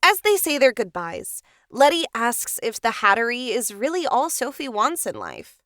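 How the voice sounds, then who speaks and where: Playful higher-voiced woman podcast host. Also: wildly swooping pitch, normal speed, a bit bright, no echo, clean studio sound. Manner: chatty and playful, cheering the heroine on. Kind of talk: reading a film recap, with asides.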